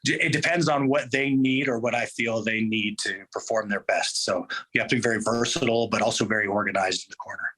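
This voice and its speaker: A man being interviewed as a combat sports coach, speaking in a relaxed, thoughtful way with fillers and restarts. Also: lowish voice, quick pace, few pauses, husky. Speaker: MMA coach, interview guest. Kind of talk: casual interview talk.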